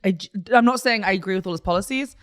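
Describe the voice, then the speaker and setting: A woman's voice: mid-range voice, racing. A woman co-hosting a comedy podcast, chatty and casual, reading out news items. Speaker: podcast co-host.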